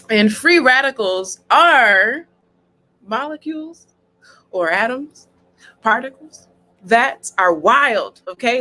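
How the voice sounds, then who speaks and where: A young woman co-host explaining science in a soft, slow, whispered role-play voice over a video call. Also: high-pitched. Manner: soft, slow, teacherly ASMR-style explaining.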